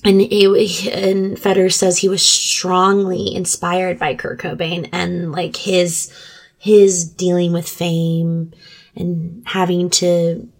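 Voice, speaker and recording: A woman's voice: on the low side, flat delivery, slow. A woman co-hosting a casual podcast chat, chatty and enthusiastic. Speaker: podcast co-host.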